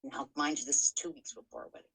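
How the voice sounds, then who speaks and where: Podcast host, middle-aged woman, low pitch and a bright, forceful tone, frank and profane in her storytelling. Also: level tone, fast, slightly rough, rough recording. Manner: frank, swears freely, many fillers and restarts. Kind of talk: candid personal storytelling.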